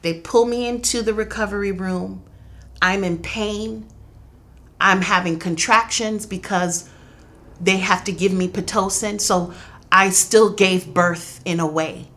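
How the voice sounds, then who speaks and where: Bright-voiced woman telling her loss. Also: medium pitch, fairly even intonation, a little slow. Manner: earnest, intense, reenacts dialogue. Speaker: interview guest, grieving mother. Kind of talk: emotional personal testimony.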